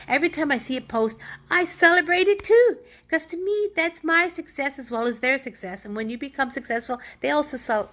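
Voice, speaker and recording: A woman's voice: on the high side, a bit bright. Earnest, rambling woman giving pep talk. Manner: earnest, rambling, self-correcting. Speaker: motivational vlogger. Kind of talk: casual motivational talk.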